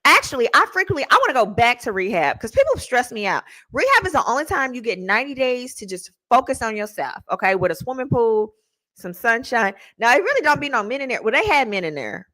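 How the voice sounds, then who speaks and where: A woman attorney hosting a show, telling stories in a casual, slangy, animated way with laughing asides. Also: a little high, quick pace. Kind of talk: casual storytelling chat.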